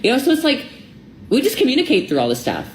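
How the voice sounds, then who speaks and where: A woman's voice: high-pitched, wildly swooping pitch, fast, roomy sound, a little hiss or hum. A woman who is a podcast guest, telling a personal story in casual, rambling conversation and acting out quoted dialogue.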